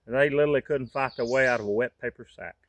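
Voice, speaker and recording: A man's voice: medium pitch, fast talker. A man, from the United States, giving a fervent, folksy monologue to camera as a vlogger.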